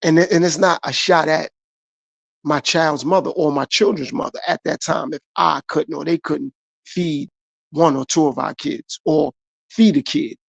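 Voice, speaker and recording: A man's voice: fairly high pitch, steady tone, moderate pace, gravelly, no echo. A middle-aged man from the United States, talking earnestly and repetitively about his own life in a motivational podcast monologue. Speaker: podcast host.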